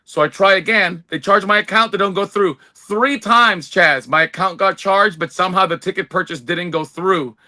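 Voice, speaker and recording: A man with a high, very bright voice talks in casual podcast chat. He rambles with excitement and often restarts his sentences as he tells a story. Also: normal speed, hardly any pauses. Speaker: podcast co-host.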